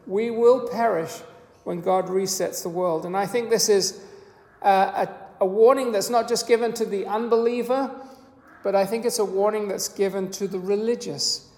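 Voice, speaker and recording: A preacher giving a sermon in a measured, earnest teaching manner, with a few small restarts. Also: mid-range voice, fairly even intonation, darkish tone. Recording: echoey hall with long reverb.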